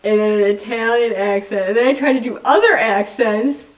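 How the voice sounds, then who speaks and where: A woman's voice: on the high side, moderate pace, far from the mic. A woman hosting a casual livestream chat, rambling from topic to topic, giggling often and poking fun at herself. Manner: giggly, rambling, self-mocking. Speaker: livestream host.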